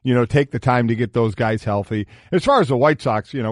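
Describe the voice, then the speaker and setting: A man's voice: mid-range voice, no room sound. A man co-hosting a sports radio show who reels off stats, stops and starts often, and makes dry sarcastic remarks. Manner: sarcastic, halting with fillers. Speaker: radio co-host.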